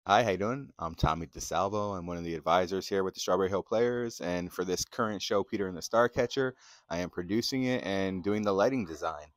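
A man with a very low voice chats in a relaxed, friendly way as a school theater advisor. The sound is dry and close, with no room around it. He keeps it casual and upbeat. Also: fairly quick, dry recording. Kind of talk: casual promotional chat.

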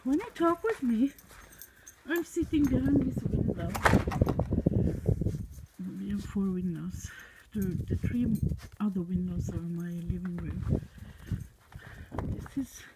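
A woman's voice: medium pitch, background noise. A Norwegian woman with a Norwegian accent chatting casually into her phone outdoors in the snow, giggling and using baby talk with her puppy. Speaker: vlogger. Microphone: phone held in hand.

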